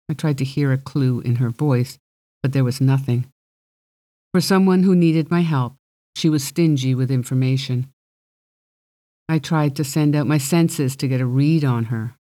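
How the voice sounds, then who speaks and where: An audiobook reader narrating a first-person fantasy story in a wry, measured way. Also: mid-range voice, dark tone.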